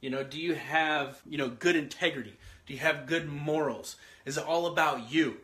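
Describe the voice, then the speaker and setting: A man, likely in his thirties, giving a casual motivational talk, energetic and repetitive, asking his listeners questions as he writes out an outline. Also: a little high, moderate pace. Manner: energetic, repeats himself, asks the listener questions; works through an outline, writing as he talks. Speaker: motivational speaker.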